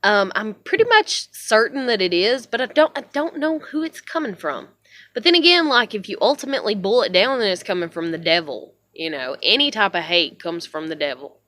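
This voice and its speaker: A woman's voice: mid-range voice, expressive, brisk, sharp tone. A young woman ranting in a blunt, heavily profane vlog monologue at home. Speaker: vlogger.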